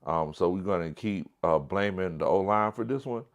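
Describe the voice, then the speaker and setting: A man's voice: low-pitched, normal speed. A man hosting a casual livestream sports talk show, blunt and emphatic, often repeating his point.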